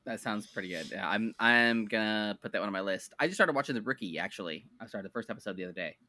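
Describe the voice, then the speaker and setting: Bright-voiced, rambling podcast co-host man. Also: on the low side, fast talker, dry recording, clean studio sound. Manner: rambling, self-correcting, enthusiastic recommendations. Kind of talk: casual chat.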